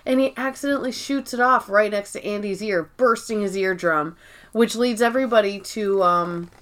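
A woman's voice: mid-range voice, moderate pace, a bit bright. Casual, cursing woman podcast co-host. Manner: loose and profane, laughs while recapping. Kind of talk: casual chat recapping episodes.

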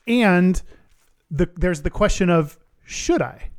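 Playful man with a fairly high voice. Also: lively intonation, takes it slowly. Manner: laughs easily, playful. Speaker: podcast co-host. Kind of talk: casual podcast chat.

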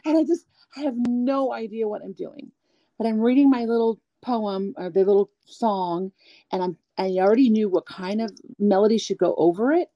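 A woman being interviewed as a guest singer, talking candidly and at length, animated, acting out the people she quotes. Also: mid-range voice, normal speed, no echo, muffled recording. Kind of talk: candid storytelling chat.

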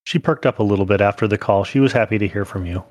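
A quiet, reserved former scavenger, played by a man, checks in over a call in a tabletop role-play. The low voice moves quickly in short, caring questions, and the recording is dry. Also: no room sound, lightly acted.

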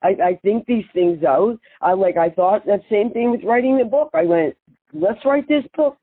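Older woman, brash storyteller, husky voice, tinny phone line. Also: mid-range voice, moderate pace. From Boston. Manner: brash, animated, laughs often. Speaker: guest, singer and author. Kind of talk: storytelling interview.

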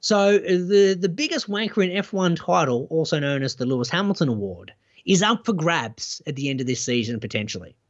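A man's voice: a little high, brisk, dull audio. A man, co-hosting a podcast in casual chat, joking and often restarting his sentences. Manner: animated, joking, restarts a lot. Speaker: podcast co-host.

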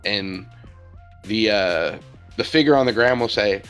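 A man's voice: fairly low pitch, animated, a little slow, long pauses, fairly bright tone, clean tone, faint music behind. A man narrating as game master in a casual tabletop role-playing session, often laughing.

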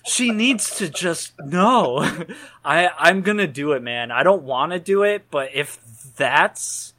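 A man with a bright, fairly high voice talks slowly through a film scene, rambling and joking along the way. He sounds like a podcast co-host in an easy, casual chat. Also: animated. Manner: rambling, jokey, laughs at own lines.

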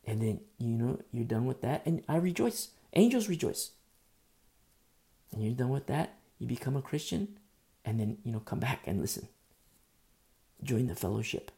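A man preaching an earnest, animated sermon, speaking through a sore throat. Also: medium pitch, normal speed, creaky, long pauses. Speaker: pastor.

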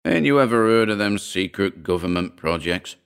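A man doing a gruff scornful farmer. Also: low-pitched, lively intonation, moderate pace. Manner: blunt, rough folksy speech. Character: gruff uneducated middle-aged farmer, scornful.

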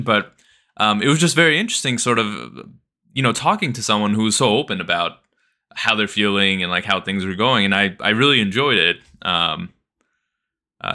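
Bright-voiced man telling a story. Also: lowish voice. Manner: rambling storyteller, many fillers. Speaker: podcast co-host. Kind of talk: casual chat.

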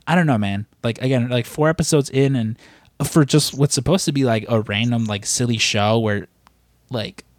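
A man's voice: mid-range voice, normal speed, dry recording, clean studio sound. A man chatting casually on a podcast, rambling with lots of filler words. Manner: rambling, heavy use of "like" and "you know". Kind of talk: casual chat.

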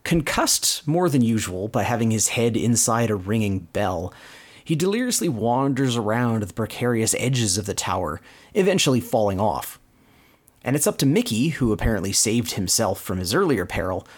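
A man's voice: fairly low pitch, big pitch swings, normal speed, breathy edge. A man hosting a podcast, casually recounting cartoon plots in detail. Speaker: podcast host. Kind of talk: casual cartoon recap chat.

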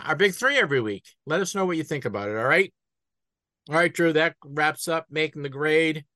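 A man with a Boston accent co-hosting a casual podcast, animated, with frequent restarts. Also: a little high, dry recording. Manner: animated, stumbling restarts, laughs easily. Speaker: podcast co-host. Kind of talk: casual chat.

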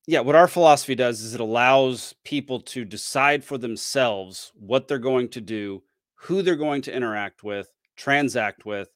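A man hosting a podcast, giving casual commentary in a halting way with many fillers and restarts. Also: mid-range voice, dry recording, studio quality. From Georgia, US. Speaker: podcast host reacting to a clip.

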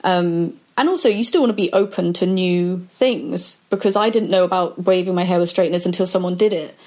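A woman in a relaxed podcast conversation, telling stories in a chatty way and acting out what people said. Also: fairly low pitch, a little fast. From Britain. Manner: chatty storyteller acting out quoted dialogue.

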